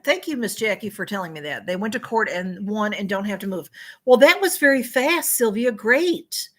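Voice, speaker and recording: A woman's voice: mid-range voice, expressive, moderate pace, a bit bright. Woman, livestream host, casual rambling chat with viewers, keeps apologizing for missing comments.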